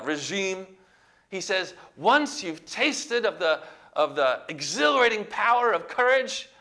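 A male preacher delivering a sermon in a high, bright, forceful voice. He preaches emphatically, pushing up to loud exclamations, and has the congregation repeat words back to him.

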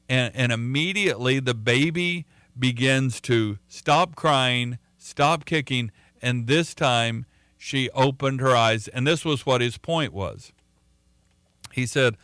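Man, preacher, chatty sermon, smooth clear voice, dry close sound. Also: medium pitch, takes it slowly, fairly bright tone, no room sound. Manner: conversational, with fillers and repeated words.

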